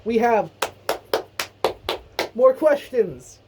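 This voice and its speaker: A woman's voice: on the high side, animated, extremely slow, background noise. Playful young woman co-hosting radio. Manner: playful, teasing, mock-apologetic. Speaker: radio show co-host. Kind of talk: casual radio chat.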